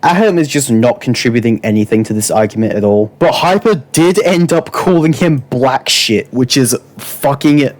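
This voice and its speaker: A man's voice: medium pitch, expressive, moderate pace, hardly any pauses. A man ranting through online drama commentary, exasperated and sarcastic, swearing often. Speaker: YouTube commentator.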